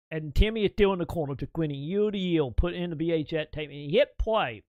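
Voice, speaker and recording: A man's voice: on the high side, quick pace, few pauses, dry recording. A man in his thirties, a streamer telling a long story to his chat in casual, profane and rambling talk, laughing now and then.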